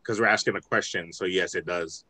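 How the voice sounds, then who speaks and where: A man's voice: low-pitched, fairly even intonation, a little fast, over a noisy crowd. A man teaching an online language class over a video call, patient and thinking aloud with many restarts.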